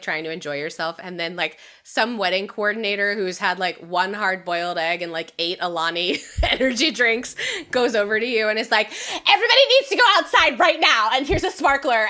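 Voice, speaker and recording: A young adult woman with a bright, clear tone chats through a TV episode recap. She tells the story with animation, slips into characters' lines, laughs often and swears casually. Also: mid-range voice. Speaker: podcast co-host.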